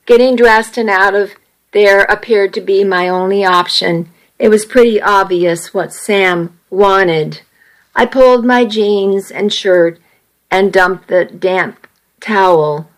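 Slow-reading woman storyteller. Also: medium pitch, poor audio. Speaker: narrator. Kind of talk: first-person story reading.

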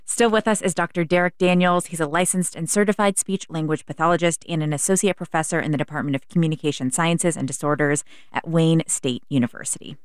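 A woman hosts a radio interview show, her voice low and smooth. She speaks in a calm, measured way. The studio sound is dry and close. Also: no room sound. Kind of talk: scripted public radio interview.

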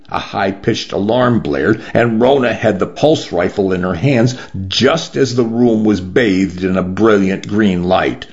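A man giving slow, measured audiobook narration. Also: fairly low pitch, vocal fry, muffled recording.

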